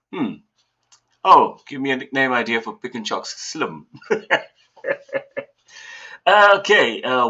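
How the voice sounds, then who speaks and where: Broadcasting from home, a man from southern Africa hosts a casual livestream, rambling and chuckling with theatrical flourishes. His mid-range voice is bright and forceful, though the audio is dull.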